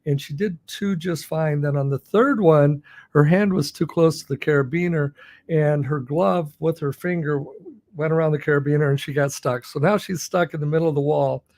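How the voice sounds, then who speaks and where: A man's voice: on the high side, steady tone, normal speed, darkish tone, no echo. A man co-hosting a podcast, telling a story in a casual chat and chuckling often. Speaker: podcast co-host.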